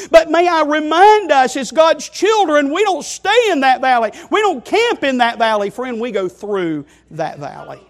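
A man preaching a sermon, speaking with emphasis, calling his listeners friend and asking them rhetorical questions. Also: extremely high pitch. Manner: emphatic, addresses listeners as friend and child of God.

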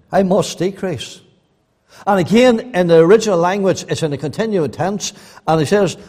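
A man preaching a sermon, swinging between loud rising appeals and quiet, earnest asides. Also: a little high, big pitch swings, normal speed, husky. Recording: long hall reverb.

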